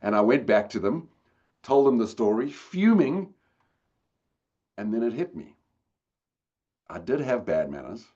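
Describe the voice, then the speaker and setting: A middle-aged man giving a storytelling talk, swinging between loud and hushed delivery. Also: lowish voice, expressive, unhurried, pauses often, dull audio. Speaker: speaker.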